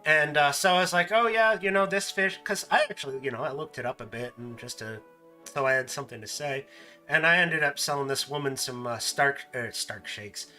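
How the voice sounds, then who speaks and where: A man hosting a casual stream, telling animated stories and laughing often. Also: mid-range voice, fairly quick, soft background music. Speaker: streamer host. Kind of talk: casual chat.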